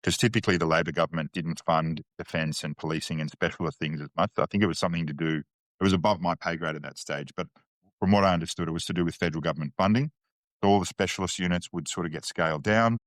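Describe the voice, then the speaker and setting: A man's voice: deep voice, fast, fairly bright tone, dry recording. A man with an Australian accent, a podcast guest telling candid, slangy stories with frequent restarts. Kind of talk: casual interview chat.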